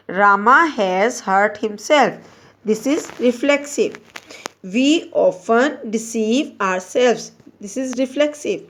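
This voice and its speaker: A woman teacher reading out grammar exercises and labelling each answer, slow and deliberate, correcting herself as she goes. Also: on the high side. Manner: slow and deliberate, with frequent restarts and self-corrections. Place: Pakistan.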